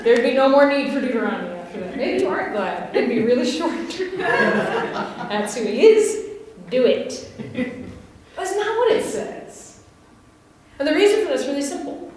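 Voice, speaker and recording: A woman's voice: sits high, very animated, moderate pace. A woman pastor with a West Virginian accent, preaching a sermon in a conversational way, laughing and asking the congregation questions. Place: church sanctuary. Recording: echoey church hall mic from a distance.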